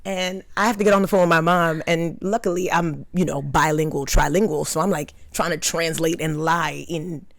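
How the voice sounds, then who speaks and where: A young adult woman from Long Island, a comedian guest telling stories in animated, casual podcast talk, often laughing. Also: sits low, moderate pace, gravelly, few pauses, no echo, clean studio sound. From Long Island, New York.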